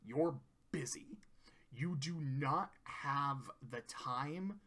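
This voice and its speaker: A man voicing a blunt young dragon sidekick, lecturing in a flat, low-key way. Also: very slow, full character voice.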